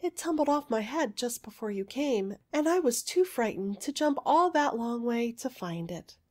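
A woman voicing a playful little fairy princess girl while reading a storybook aloud, her lines bright and teasing. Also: a little high, lively intonation, normal speed. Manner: bright, surprised, grave in turns.

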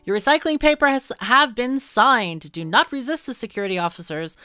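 A cold, formal official from a dystopian video game, as a woman reads the lines aloud. The delivery is stern and deliberate, with lively pitch movement. The sound is dry and close. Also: clean tone, no echo.

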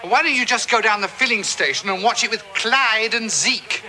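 An actor with a British accent playing a dry, sardonic gentleman ghost in a 1980s sitcom, full of theatrical put-downs. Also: high voice, normal speed, close to an everyday voice. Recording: hissy old VHS TV broadcast.

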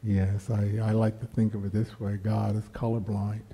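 A man sharing a personal testimony at a church question-and-answer session, unhurried and storytelling. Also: flat delivery, mellow, husky. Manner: slow, unhurried storytelling that raises the pitch for quoted voices. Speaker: guest speaker at a church Q&A.

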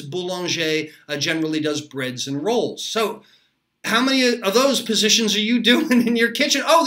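A man's voice: high-pitched, sharp tone. A middle-aged man, a chef teaching a casual cooking lesson, chatty and upbeat, laughing often between points.

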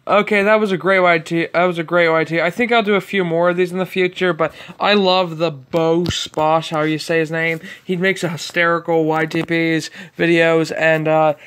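A man's voice: on the high side, little pitch movement, moderate pace, hardly any pauses, fairly bright tone, smooth. A man hosting a casual reaction video, chatty and easily amused, laughing often between remarks.

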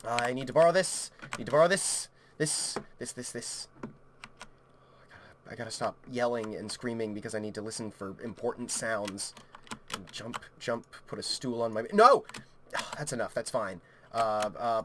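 A young man commentating a horror game let's play, panicky and swearing, swinging between shouts and hushed muttering. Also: medium pitch, moderate pace, a little hiss or hum. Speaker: gaming YouTuber.

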